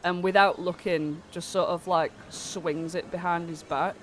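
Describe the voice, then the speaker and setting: A man's voice: sits high, fairly even intonation, a little slow, a bit bright, slight background noise. A man narrating as game master of a tabletop game, rambling with lots of fillers while he has a cold.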